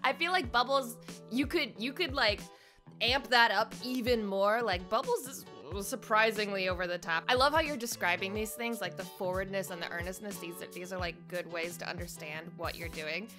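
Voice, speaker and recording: A woman's voice: medium pitch, moderate pace, music in the background. A young woman who is an impressionist, giving playful, bubbly feedback on viewers' voice impressions. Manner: bubbly, animated, playful critique. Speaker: impressionist reviewing viewer submissions. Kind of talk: casual chat.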